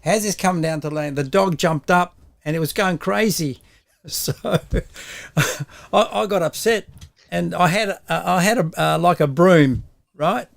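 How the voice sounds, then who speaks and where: An older man with an Australian accent tells a long story in a relaxed, rambling way. His voice is somewhat high and gravelly. He laughs often mid-sentence. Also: measured pace. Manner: rambling, laughs often while telling stories. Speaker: guest. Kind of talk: casual storytelling chat.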